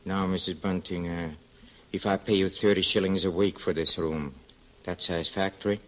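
Stern pious lodger, very deep voice, halting and stammering, old-time radio drama. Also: male voice, steady tone, a bit bright. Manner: hesitant, stammering, then sharply severe. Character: stern pious male lodger, secretive and severe.

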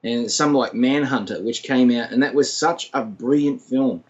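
A man with an Australian accent chatting on a podcast, animated and full of slang. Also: mid-range voice, normal speed, dull audio. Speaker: podcast guest. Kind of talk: casual chat.

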